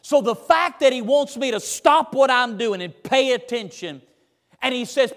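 A man, preaching a sermon in an animated, folksy, emphatic way, recorded in a church sanctuary. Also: extremely high pitch, normal speed. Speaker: pastor. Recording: reverberant church hall.

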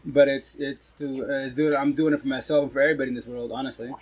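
Talking fast in a flat, medium-pitched voice with a breathy edge, a dad chats with his followers from home over a phone livestream. He rambles, starts his sentences over, and now and then drops in Spanish words. The audio quality is poor.

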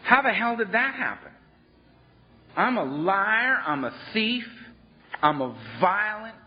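Blunt, animated male storyteller, lo-fi. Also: high voice. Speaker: recovery workshop speaker. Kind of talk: storytelling talk. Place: workshop room. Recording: dull lo-fi workshop recording.

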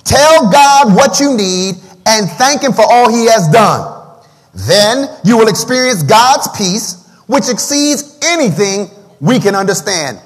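High-voiced preaching pastor in a reverberant hall. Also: male voice, animated, slow pace. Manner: preaching with call-and-response, breaks into singing a hymn. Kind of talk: livestreamed sermon.

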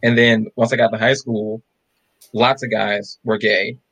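A man's voice: on the low side, measured pace, low-quality recording. A man co-hosting a podcast, telling stories in a casual chat and acting out the voices of the people he quotes. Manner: animated, acts out quoted voices. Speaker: podcast co-host.

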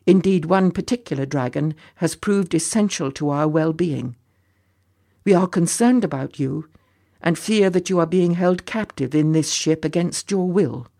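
A man's voice: fairly high pitch, vocal fry, dark tone. A man voicing a courteous leader of a rescue party, speaking in formal, careful, polite words.

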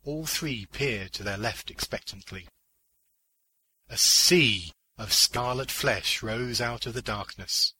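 A man reads fiction aloud in a measured, deliberate way, with a husky voice and a strikingly bright tone. His delivery is slow and low-pitched. The sound is dry and close to the mic. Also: no room sound, rough recording. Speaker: narrator. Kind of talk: scripted audiobook narration of fiction.

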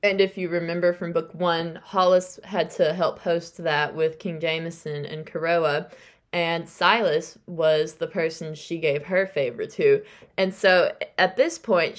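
Female host with a deep, low voice, loose chatty book-recap delivery that backtracks and corrects itself. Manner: chatty, self-correcting, quotes characters with "like". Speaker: podcast host.

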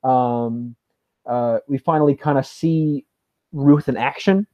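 A man as a podcast guest, talking hesitantly with lots of ums and sometimes humming a tune. The recording is dry and a little dull. His pitch sits in an ordinary middle range. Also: slow pace, dry recording. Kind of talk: casual podcast interview.

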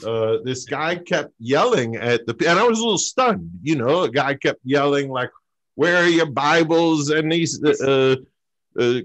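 A man telling a comic true story on stage, halting with fillers before deadpan punchlines. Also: mid-range voice. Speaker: open mic storyteller.

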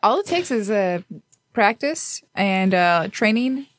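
A woman's voice: medium pitch, lively intonation, slow, dry recording, studio quality. A woman playing in a tabletop game, playful and teasing as she talks in character. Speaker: player. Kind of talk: casual tabletop play.

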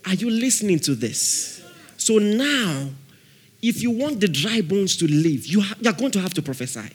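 A man preaching a sermon with fervor, calling out to his congregation and rising at times to shouts. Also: sits high, sing-song, moderate pace, breathy edge. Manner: fervent, calls out to the congregation.

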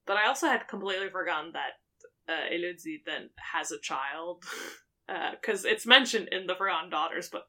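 A woman co-hosting a book podcast in casual chat, laughing often and filling pauses with "uh" and "like". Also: on the low side, animated, sharp tone. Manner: chatty, laughs often, trailing fillers.

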